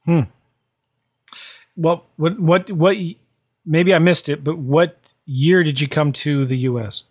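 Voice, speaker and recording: A man's voice: fairly high pitch, fairly even intonation, slow. Upbeat male podcast host. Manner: chatty, upbeat, promotional. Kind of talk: podcast interview and self-promotion.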